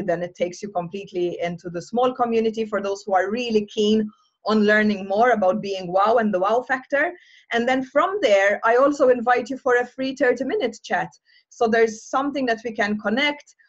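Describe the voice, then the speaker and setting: A woman's voice: mid-range voice, dull audio. A woman as an interview guest, speaking in an upbeat, encouraging, motivational way. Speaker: guest, online women's group founder.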